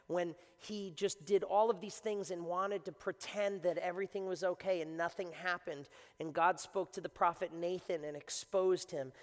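A man with a notably high voice delivers a sermon as pastor, swinging between hushed reflection and loud, urgent appeals. He often repeats words as he presses a point. His voice rings with the long reverb of a large church hall. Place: church sanctuary.

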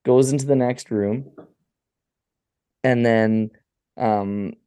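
A man with a warm, clean, medium-pitched voice and fairly even intonation co-hosts a podcast. He recaps a horror film crudely and jokingly, loosely telling it and briefly performing the characters' lines in a casual, profane way.

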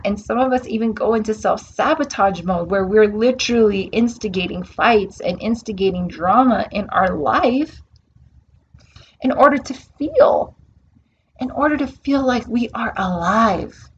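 A woman hosts her own podcast, speaking earnestly at a measured pace in a medium-pitched voice. Her monologue is reflective and spiritual, self-help in nature, and she repeats words for emphasis. The lo-fi recording carries a slight hiss or hum.

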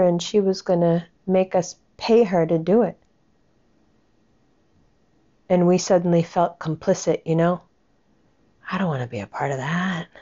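A woman's voice: fairly low pitch, dark tone, lo-fi sound. A woman giving a casual commentary rant, blunt, sarcastic and full of swearing.

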